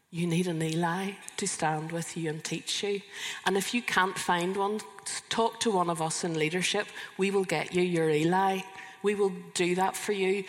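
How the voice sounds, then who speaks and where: A woman's voice: on the low side, fairly bright tone. A woman in her fifties preaching a sermon to a live congregation. She talks in an earnest, conversational way and often restarts her sentences. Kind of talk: sermon with personal testimony. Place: church hall, live congregation. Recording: long reverb of a large hall.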